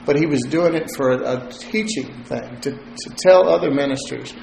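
A man's voice: mid-range voice, normal speed, gravelly, darkish tone, slight background noise. A male pastor delivering a sermon in a loose, conversational way, joking at times and repeating words as he thinks. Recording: roomy echo.

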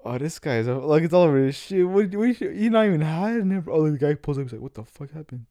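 Young man, dry close sound, excitable slangy commentary between friends. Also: fairly high pitch, fast talker, dry recording. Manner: slangy, profane, excited reactions. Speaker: friend recording a video. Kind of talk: casual chat.

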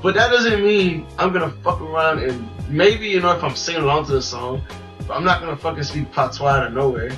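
A man's voice: fairly high pitch, a little fast, sharp tone, distant mic, soft background music, rough recording. A man co-hosting a casual podcast, talking loosely and profanely and telling stories with animation. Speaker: podcast co-host.

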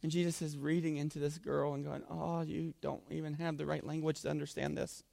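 A man preaching a sermon as pastor, animated and acting out scripture scenes in different voices. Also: on the high side, brisk, gravelly, no echo.

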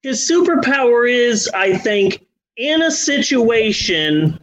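A man's voice: very high voice, big pitch swings, slow pace, fairly bright tone, highs cut off. A man co-hosting a podcast in casual chat, ranting with exasperation and plenty of swearing. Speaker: podcast co-host.

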